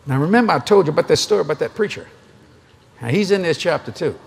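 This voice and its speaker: A middle-aged man preaching a sermon at a convention, an animated, joking storyteller. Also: a little high, fast, vocal fry, husky.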